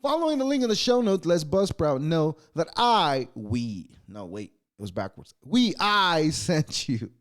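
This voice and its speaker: A man's voice: fairly high pitch, very animated, a little slow, few pauses. A man hosting a solo podcast, reading ad and holiday copy aloud, stumbling over words, laughing at himself and swearing offhand. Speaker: podcast host.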